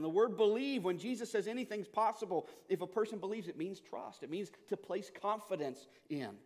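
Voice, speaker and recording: A man preaching a sermon, telling stories and moving between quiet, hushed passages and loud, urgent ones. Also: sits high, animated, brisk. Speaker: pastor. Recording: long hall reverb.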